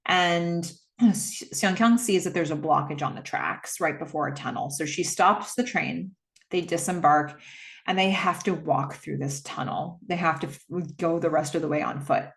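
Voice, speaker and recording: A woman's voice: deep voice, moderate pace, vocal fry, fairly bright tone. A woman casually retelling a film's plot, chatty with lots of fillers and visibly moved. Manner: conversational with many fillers, emotional. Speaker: film recap host. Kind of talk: casual movie recap.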